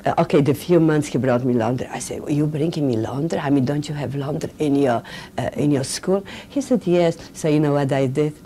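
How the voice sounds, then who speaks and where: Older woman with a low, mellow voice. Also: slight background noise. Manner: halting, with many fillers and restarts. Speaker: interviewee, Holocaust survivor. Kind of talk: recorded oral history interview.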